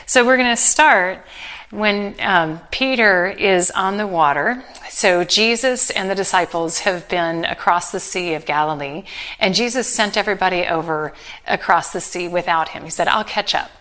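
A middle-aged woman preaching a sermon, telling a Bible story with earnest warmth and touches of gentle humor. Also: fairly low pitch, normal speed.

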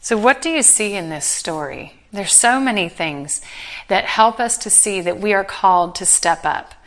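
A middle-aged woman preaching a sermon, telling a Bible story with earnest warmth and touches of gentle humor. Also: mid-range voice, expressive, normal speed.

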